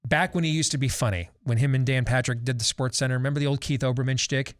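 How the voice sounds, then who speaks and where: A man's voice: medium pitch, fast. A man in his forties hosting a talk show, ranting sarcastically and theatrically in opinionated commentary. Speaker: host.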